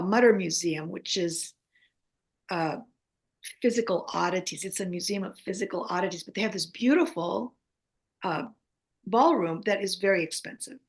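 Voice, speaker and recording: An older woman from the United States in her seventies, an author and guest telling stories in an animated way and often checking in with "okay?". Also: medium pitch. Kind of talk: animated anecdotal storytelling.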